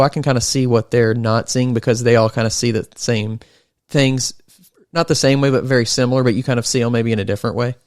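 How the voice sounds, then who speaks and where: Podcast host guy, smooth clear voice, dry close sound, rambly thoughtful questions. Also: medium pitch, no room sound. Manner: thoughtful, long winding questions. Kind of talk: casual interview chat.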